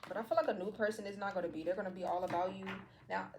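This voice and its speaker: Woman tarot reader, casual, cussing and joking, talks fast. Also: medium pitch, fairly even intonation, noisy background. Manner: slangy, profane, playful. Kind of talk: casual tarot reading to viewers.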